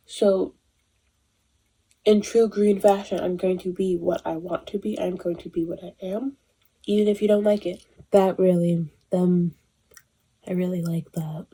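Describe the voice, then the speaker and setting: A woman in her twenties giving a casual, animated movie review, emotional and swearing freely. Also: on the low side, a little slow, breathy edge. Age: 20s. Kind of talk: casual chat.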